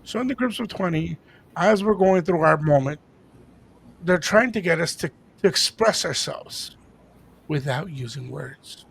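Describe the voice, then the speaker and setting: Gravelly, fairly high-voiced man telling a story. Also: measured pace, slight background noise. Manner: animated, acts out quoted dialogue. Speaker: podcast co-host. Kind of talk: casual storytelling chat.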